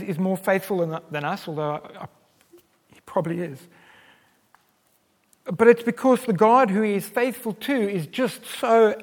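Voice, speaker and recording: A man preaching a sermon in an earnest, emphatic way, pressing on key words and letting others fall soft. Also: high voice, in a large hall. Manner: earnest, emphatic, with wide swings in loudness.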